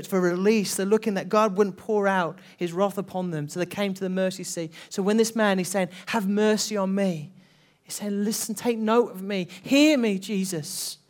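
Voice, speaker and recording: A man preaching a Pentecostal sermon to his church, earnest, swinging between hushed passages and loud, building calls, and often repeating himself as he restarts. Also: high-pitched.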